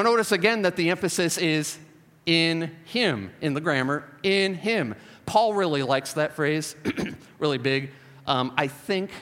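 A male pastor delivers an emphatic sermon, his fairly high voice swinging from urgent, loud appeals to hushed, reflective asides. The recording carries the long, lingering reverb of a large hall.

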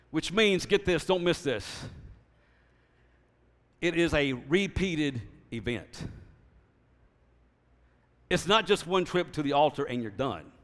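A man preaching a sermon as pastor, stressing key words slowly and then dropping into a quiet storytelling voice. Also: on the high side, long reverb tail.

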